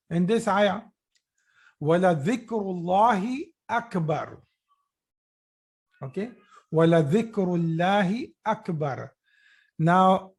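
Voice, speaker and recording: Male grammar teacher, high voice, slow and patient, checks in with "okay?" often. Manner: slow, repetitive explaining with frequent "okay?" checks. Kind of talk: online grammar lesson.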